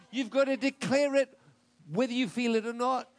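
High-voiced man preaching emphatically. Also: steady tone, normal speed. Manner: emphatic preaching, rising to declarations. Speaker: pastor. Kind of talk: sermon.

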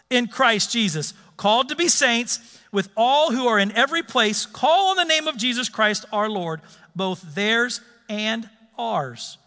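Lively high-voiced preacher in echoey church. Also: male voice. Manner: lively, urging the congregation to join in. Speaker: pastor. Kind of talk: sermon. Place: church sanctuary.

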